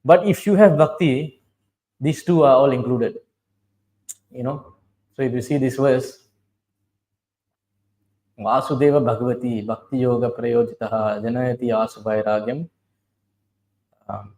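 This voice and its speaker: A man's voice: mid-range voice, normal speed, long pauses, dark tone, poor audio. A man giving a devotional class, telling scripture stories, chanting verses and asking his listeners questions. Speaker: preacher.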